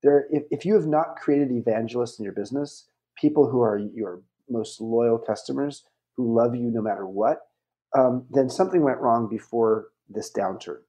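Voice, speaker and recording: A middle-aged man, a podcast interview guest, giving reflective advice in measured phrases with some ums. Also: medium pitch, warm tone.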